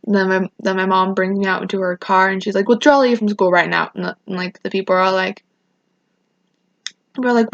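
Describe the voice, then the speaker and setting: A woman's voice: medium pitch, steady tone, fairly quick, no echo, highs cut off. A teenage girl vlogging a casual storytime rant, rambling with many restarts and acting out what people said. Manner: rambling, restarts often, quotes people in raised voices.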